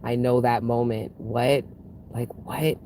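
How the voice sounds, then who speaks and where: A woman's voice: very deep voice, fairly even intonation, takes it slowly, warm tone, a little hiss or hum. A woman hosting a spiritual livestream, chatting casually and frankly with viewers, swearing freely and laughing often. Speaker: spiritual reader and livestream host. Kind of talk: casual livestream chat reading viewer comments.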